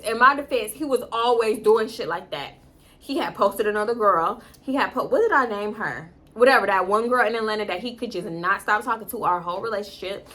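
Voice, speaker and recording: A young woman telling a storytime to camera in casual chat, animated and jumping into loud high-pitched quotes. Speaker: storytime vlogger.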